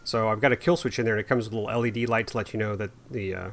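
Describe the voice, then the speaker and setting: A man's voice: fairly low pitch, fairly even intonation, racing, creaky, a bit bright, a little hiss or hum. A man co-hosting a casual hobby podcast, rambling with frequent laughs and self-deprecating asides. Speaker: podcast co-host. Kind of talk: casual chat.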